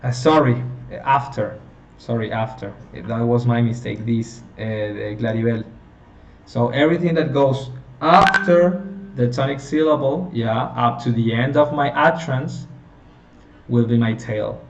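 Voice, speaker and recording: A man talks through a phonetics lesson at an unhurried pace, pausing to check in with his students. He sounds far from the mic in an echoey room. The sound is dull and lo-fi, with a faint hiss behind him. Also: medium pitch. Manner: slow, explanatory, checking in with "okay?". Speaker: teacher.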